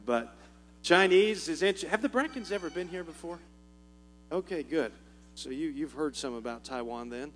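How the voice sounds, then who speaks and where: A man with a Southern US accent giving a folksy, joking church talk as a missionary, chuckling often and using many fillers. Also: mid-range voice. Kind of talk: informal church talk with humor. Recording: long reverb with faint music and mains hum.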